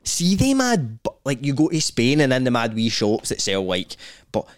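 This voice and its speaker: A young man with a Glaswegian accent telling a funny story on a casual podcast, swearing freely and acting out other people's lines in quick voices. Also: medium pitch, no echo, clean studio sound. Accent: Scottish, Glaswegian. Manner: animated, acts out other people's voices in quotes. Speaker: podcast host.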